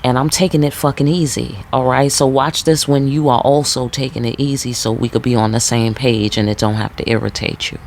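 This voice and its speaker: A woman's voice: extremely low pitch, fairly even intonation, brisk, hardly any pauses, a little mellow, slight background noise. A woman with a New York accent reading tarot and talking casually to viewers, laid back, blunt and profane. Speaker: tarot reader. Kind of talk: casual spiritual talk to viewers.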